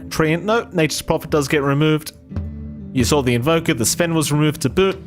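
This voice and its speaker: Rapid-fire male esports caster, jokey and rambling, faint music behind. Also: on the high side. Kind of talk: esports casting and banter.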